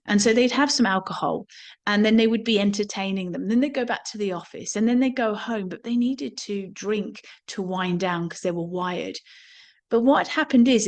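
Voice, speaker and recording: A woman gives a reflective talk on somatic awareness, her voice sitting at an ordinary middle pitch. She speaks earnestly and doubles back on words now and then as she gathers her thoughts. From England. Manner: earnest, repeats words while thinking. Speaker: somatics teacher.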